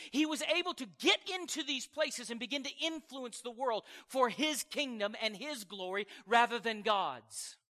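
A man with a very high, bright and pointed voice preaches a sermon, mixing scripture readings with emphatic, conversational asides to his listeners. The sound rings out with a long reverb, as in a large hall. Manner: conversational, emphatic preaching with frequent call-outs to the congregation.

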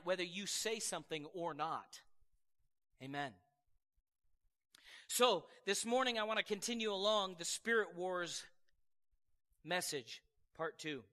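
A man preaching a sermon as pastor, telling stories in a chatty way with laughing asides. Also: high voice. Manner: conversational, laughing asides, animated storytelling. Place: church sanctuary. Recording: reverberant church hall.

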